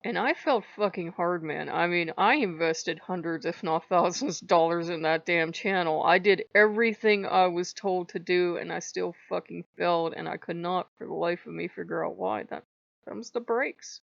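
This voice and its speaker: A woman's voice: lowish voice, steady tone, moderate pace, gravelly, hardly any pauses, dry recording. Woman vlogger, emotional confessional, dull dry mic. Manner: candid and emotional, swears freely, laughs through it. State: after crying. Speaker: channel host. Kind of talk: casual personal vlog. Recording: muffled dry homemade mic.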